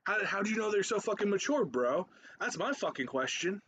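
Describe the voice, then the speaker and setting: A man's voice: high voice, very animated, brisk, a bit bright, a little hiss or hum. A man in his thirties ranting in a profane, rambling reaction commentary, repeating himself and laughing between points. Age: 30s.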